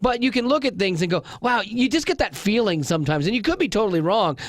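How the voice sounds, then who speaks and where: Man, high voice, radio host, playful casual banter, laughs a lot. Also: fast talker, dry recording, studio quality. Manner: animated, laughs often, playful. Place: radio studio.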